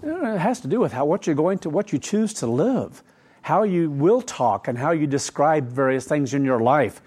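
A man's voice: a little high, lively intonation, moderate pace, darkish tone, breathy edge. A middle-aged man preaching a sermon in a conversational way, asking rhetorical questions and adding asides. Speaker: pastor.

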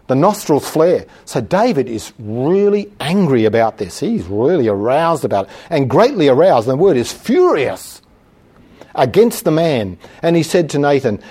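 Guy preaching, husky mellow voice, slows way down on the scripture bits. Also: fairly high pitch. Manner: reads scripture slowly and emphatically, then explains it conversationally. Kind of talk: sermon.

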